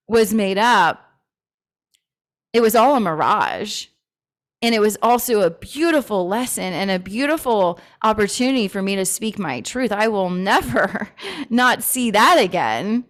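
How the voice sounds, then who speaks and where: A woman's voice: mid-range voice, animated, measured pace. A woman hosting a casual talk on personal growth, candid, swearing freely and laughing often. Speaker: host.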